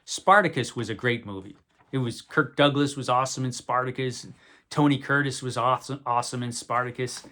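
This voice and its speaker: A man's voice: mid-range voice, a little fast, sharp tone. Rambling man reviewing old movies. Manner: rambling, wry, self-correcting. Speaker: video host reviewing movies. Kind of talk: casual unscripted talk to camera.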